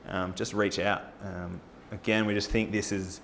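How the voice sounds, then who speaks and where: A man giving an energetic, persuasive presentation at a forum, firing rhetorical questions at the audience. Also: deep voice, moderate pace, vocal fry, slight background noise. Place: live talk at a farming forum.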